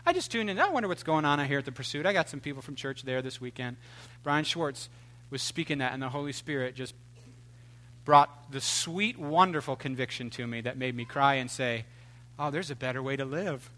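A man preaching a sermon in an animated, joking way, swinging between loud outbursts and hushed asides. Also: medium pitch, fairly quick. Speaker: pastor.

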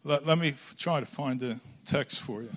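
An older man preaching a sermon, telling a family story with quoted dialogue, voice swinging between loud bursts and low asides. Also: normal speed, slightly rough. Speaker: pastor.

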